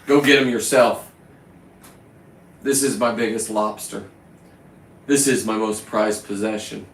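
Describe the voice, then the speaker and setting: A man's voice: fairly low pitch, steady tone, measured pace, creaky, slight background noise. Profane rambling middle-aged man, echoey room. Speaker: vlogger. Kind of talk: rambling casual monologue.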